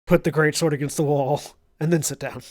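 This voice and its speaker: Deadpan man at a tabletop game. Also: fairly high pitch, brisk, no echo. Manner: dry, deadpan. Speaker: player. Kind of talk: tabletop role-play.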